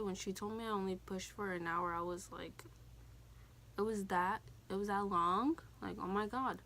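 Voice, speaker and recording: A teenage woman chats through a personal story, candid and casual, with the odd swear word. Her voice sits at a middle pitch. A faint hum runs behind her. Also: fairly bright tone. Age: teens. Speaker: vlogger.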